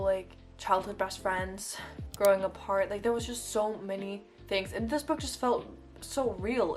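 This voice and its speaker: Chatty young woman vlogging. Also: mid-range voice. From Denmark. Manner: chatty, rambling with many likes and restarts. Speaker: book vlogger. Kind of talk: casual vlog chat.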